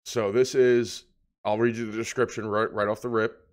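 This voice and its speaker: A man's voice: fairly low pitch, moderate pace. A man co-hosting a casual beer review podcast, rambling through tasting descriptions. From New Jersey. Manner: relaxed, rambling descriptions with filler words. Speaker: podcast co-host.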